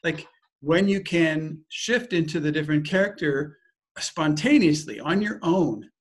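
A man's voice: fairly high pitch, measured pace, slightly rough. A man leading a personal growth workshop, speaking in an emphatic, repetitive way. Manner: emphatic, repetitive, circling phrasing. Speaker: workshop leader. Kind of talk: teaching a group.

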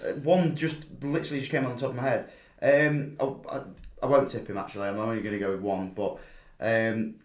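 A man hosting a casual horse racing chat, with lots of ums and easy banter. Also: mid-range voice. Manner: chatty, filler-heavy, jokey banter. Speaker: podcast host. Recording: echoey room.

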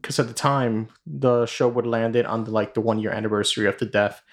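A man's voice: mid-range voice, little pitch movement, fairly quick. A man hosting a podcast, casually retelling a story in a rambling way full of fillers and swearing. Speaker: podcast host.

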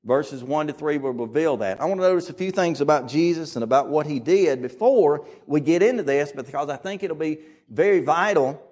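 A man's voice: a little high, expressive, brisk, darkish tone. A man with a Southern US accent preaching a sermon to his congregation, earnest and emphatic, repeating his key phrases.

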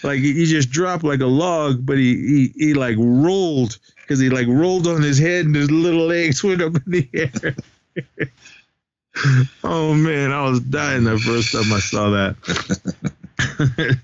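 A man's voice: fairly high pitch, unhurried, long pauses, no echo. A man recaps a film for his co-host in a loose, rambling way. He laughs often and acts out the characters' lines as he goes. The sound is dry and a bit dull. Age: adult, has a son. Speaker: podcast co-host. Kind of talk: casual movie recap chat.

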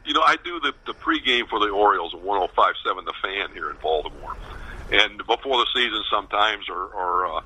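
A man in his fifties, a former ballplayer, telling a long anecdote in a relaxed interview, with many fillers and restarts. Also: on the low side, husky, lo-fi sound. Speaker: former baseball player, radio pregame host. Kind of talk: casual storytelling interview.

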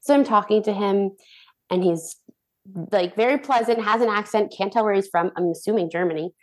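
A young woman, a former cruise ship dancer, telling stories as a guest in a casual interview, bubbly and animated, acting out the voices of people she quotes. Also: mid-range voice, a little fast.

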